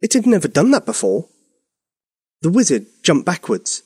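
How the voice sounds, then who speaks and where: A man narrating a bedtime story for young children, expressive and animated. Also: sits high, moderate pace, breathy edge.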